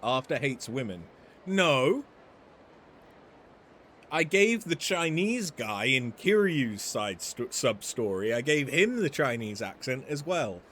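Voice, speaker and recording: A man's voice: medium pitch, very animated, slow pace, a bit bright, a little hiss or hum. A man streaming a game, chatting casually and explaining himself. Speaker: gameplay streamer. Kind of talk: casual commentary over gameplay.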